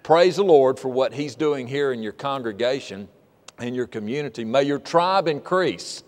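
An older man preaches in a church, his voice carrying a long hall reverb. He is earnest and folksy, often restarting his sentences, at a middle pitch for a man. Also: expressive, moderate pace. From Georgia, USA. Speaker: state missionary preaching. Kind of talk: sermon. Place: church sanctuary.

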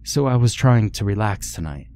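A man's voice: fairly low pitch, lively intonation, moderate pace, a little mellow. A man reading the part of a frightened, tearful young woman who fled her home at night. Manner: pleading, tearful. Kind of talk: scripted horror story reading.

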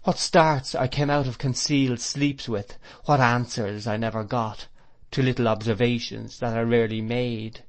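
A man narrating a classic novel as an audiobook, in a measured, reflective, expressive reading voice. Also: medium pitch. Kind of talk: scripted literary narration.

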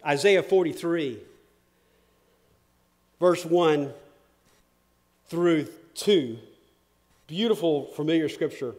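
A man preaching a sermon as pastor. He asks questions, repeats words, and swings from loud emphasis to a hush. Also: on the high side, takes it slowly, long pauses.

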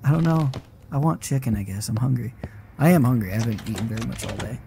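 Man, horror let's-player, cursing, jumpy, mid-pitched, faint noise behind. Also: fast, creaky. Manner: profane, jumpy, talks back at the game. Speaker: gaming streamer. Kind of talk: live horror gameplay commentary.

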